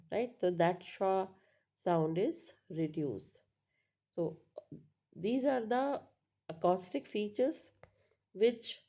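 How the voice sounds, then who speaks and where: A woman teaching a lesson on word stress, pausing often with fillers and asking "right?" to check understanding. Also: medium pitch, dark tone. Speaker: English teacher. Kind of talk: spoken lecture on pronunciation.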